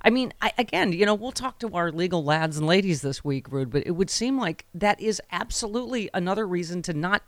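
A woman hosting a political talk show, chatting casually with quick, wry, joking asides. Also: lowish voice, animated, no echo. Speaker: talk radio host.

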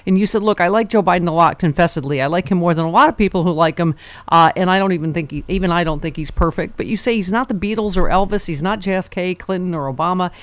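A woman's voice: on the low side, fast, no room sound. A woman hosting a political talk show, bantering casually and joking, often with a laugh. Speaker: radio talk show host.

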